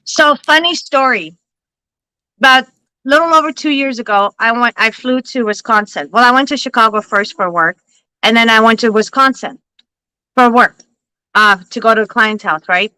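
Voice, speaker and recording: Woman host, bright and slightly high, close dry sound; animated, salty storyteller on a home livestream. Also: moderate pace, smooth, no echo, poor audio. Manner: animated, swears freely, restarts sentences. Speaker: livestream host and psychic reader. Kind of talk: casual storytelling chat.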